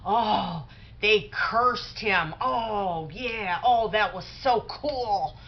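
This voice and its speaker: Woman putting on a gushing young girl, all excited oohs, muffled lo-fi sound. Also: medium pitch, drawn-out words. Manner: gushing, breathless exclamations.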